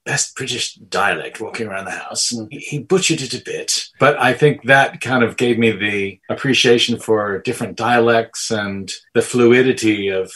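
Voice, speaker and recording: A man's voice: mid-range voice, normal speed, hardly any pauses, fairly bright tone, slightly rough, rough recording. A man in his forties from Texas, a guest telling stories in a casual interview, playful and self-deprecating. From Amarillo, Texas. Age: 40s.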